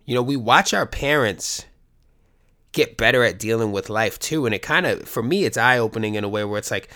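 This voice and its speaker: A man's voice: medium pitch, normal speed, sharp tone. A middle-aged man, a coach, talking candidly to his viewers in a rambling, profane, joking way. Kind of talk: casual monologue to viewers.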